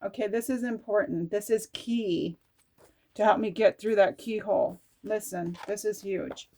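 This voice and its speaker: A woman's voice: mid-range voice, steady tone, a little slow, mellow. A middle-aged woman chatting through an oracle card reading, talking to herself and reading card texts aloud with casual swearing.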